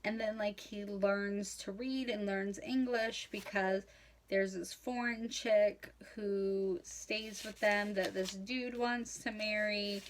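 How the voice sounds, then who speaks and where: A woman's voice: medium pitch, steady tone, takes it slowly, a little hiss or hum. Drunk young woman, slurring, swearing, rambling storyteller, casual chat. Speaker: comedic host retelling a novel.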